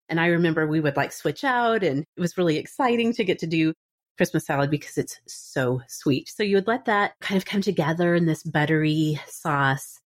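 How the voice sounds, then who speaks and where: A woman in her thirties hosting a podcast, chatting casually and laughing often. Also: on the low side. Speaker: podcast host. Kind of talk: casual chat.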